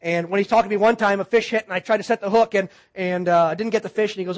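Preaching at a very fast clip with hardly any pauses, a middle-aged male pastor with a high voice tells a sermon story. He shifts from loud excitement to hushed intensity and back.

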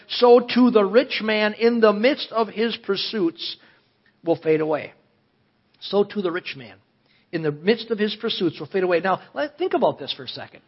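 A man's voice: high-pitched, breathy edge. A male pastor giving a sermon. He reads long scripture passages and asks the congregation earnest questions, with emphatic rises in his voice. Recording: dull lo-fi audio.

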